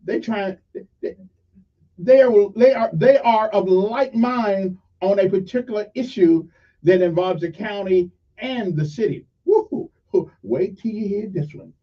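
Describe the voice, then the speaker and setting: A man's voice: high-pitched, a little slow, distant mic. An older man hosting a casual morning radio talk show, rambling and joking with many fillers. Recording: muffled audio from off mic.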